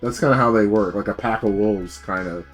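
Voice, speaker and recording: A man's voice: fairly low pitch, brisk, soft background music. A man streaming as a VTuber, rambling in a casual rant full of fillers and swearing.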